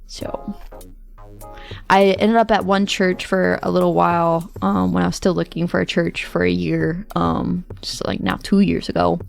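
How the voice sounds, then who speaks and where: A woman's voice: on the low side, flat delivery, moderate pace, creaky, faint music behind. A woman streamer telling a long personal story in casual chat, chatty, quoting others and laughing often. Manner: chatty, tells stories with quoted asides, laughs often.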